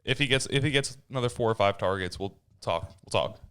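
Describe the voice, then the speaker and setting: Male co-host, easygoing and low-voiced, with a clean, smooth tone. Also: quick pace. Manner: relaxed, thoughtful, easygoing. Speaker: podcast co-host. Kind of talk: casual sports chat.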